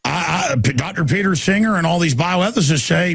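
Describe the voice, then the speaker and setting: A man's voice: fairly high pitch, fairly quick, vocal fry, hardly any pauses, fairly bright tone, breathy edge, dry recording, clean studio sound. A man hosting a call-in radio talk show, ranting and sarcastic as he takes callers. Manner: ranting, sarcastic, mocking put-on voices.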